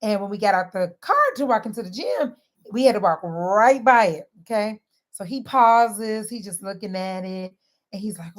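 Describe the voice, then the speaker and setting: A woman talking straight to her viewers in a lively, sermon-like way, mixing casual slang and laughter into faith-based wellness advice. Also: medium pitch. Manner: animated, sermon-like, southern-inflected slang with frequent laughs. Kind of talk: lively preachy direct-to-camera talk.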